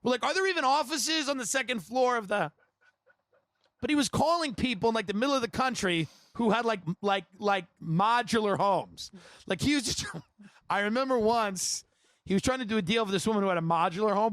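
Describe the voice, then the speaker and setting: A man's voice: high-pitched, fast, fairly bright tone, no echo. A man hosting a podcast, telling rambling comic anecdotes and breaking into laughter. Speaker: podcast host. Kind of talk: comedic storytelling.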